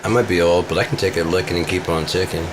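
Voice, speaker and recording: A man's voice: deep voice, steady tone, fast, background noise. A man vlogging in a casual, rambling monologue, profane and boastful.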